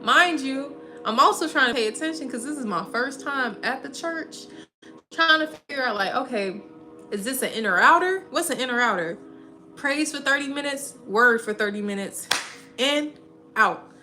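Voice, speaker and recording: Young woman livestream host, slightly high voice, animated and slangy with frequent laughter, music playing clearly in the background. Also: moderate pace. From Minnesota. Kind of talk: casual livestream chat.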